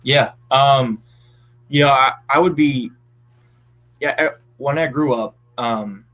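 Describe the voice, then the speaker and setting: A young man around twenty from southeastern Pennsylvania, a college ballplayer telling stories in a relaxed chat, full of fillers. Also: medium pitch, slow. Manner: relaxed storytelling with many fillers. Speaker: college baseball player, guest. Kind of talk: casual chat.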